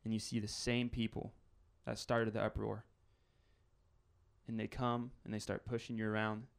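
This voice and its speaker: A man's voice: lowish voice, little pitch movement, moderate pace, creaky, smooth. A man preaching a conversational sermon as pastor, building scenarios with rising intensity.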